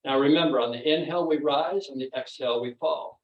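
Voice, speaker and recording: A man teaching a virtual tai chi and qigong class. He calls out the breathing and the moves calmly and laughs often. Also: a little high, fast talker, few pauses, lo-fi sound. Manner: calm, instructive cueing with frequent light laughs. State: a little out of breath. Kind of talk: guiding a virtual exercise class. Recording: roomy echo, distant from the mic.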